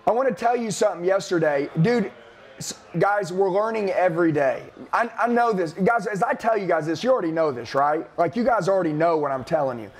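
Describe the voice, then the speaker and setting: A high-pitched man delivers an intense motivational talk to a sales team. He repeats himself and preaches about discipline and leadership. His voice sits high for a man. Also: lively intonation, a little fast. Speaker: sales trainer.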